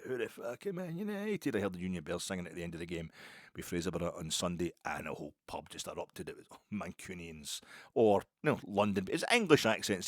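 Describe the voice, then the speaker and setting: A man's voice: low voice, dry recording. A man hosting a podcast, talking in a rambling, chatty, wry way with many asides and restarts. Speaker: podcast host. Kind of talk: casual football podcast monologue.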